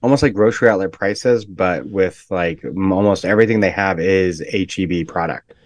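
A man, a podcast co-host, chatting casually in a laid-back, halting way with short replies. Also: deep voice. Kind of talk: casual chat.

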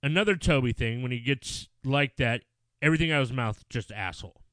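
A man in his thirties tells a story about coaching his son's baseball team. He talks in an animated way and curses when he gets worked up. His voice is mid-pitched, and the sound is dry and close. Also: brisk, no echo. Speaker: youth baseball coach and father. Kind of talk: casual chat.

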